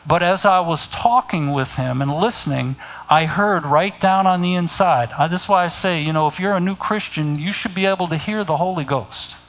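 A middle-aged man preaching a sermon, speaking deliberately and pointing his listeners to scripture. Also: high voice, a bit bright, low-quality recording.

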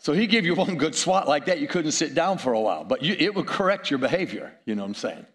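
A man's voice: fairly high pitch, sing-song, fast, a bit bright. A middle-aged man preaching a sermon, telling stories with chuckles and asides to the audience.

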